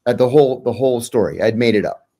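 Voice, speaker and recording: A middle-aged American man, a former intelligence officer, tells a story as an interview guest, acting out the quoted lines with sudden jumps in pitch. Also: quick pace, mellow. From United States.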